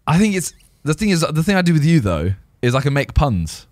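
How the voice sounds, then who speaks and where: A man's voice: fairly high pitch, very animated, brisk, a little mellow, dry recording, studio quality. A man hosting a casual podcast, telling stories in a self-deprecating way and laughing often. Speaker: podcast host.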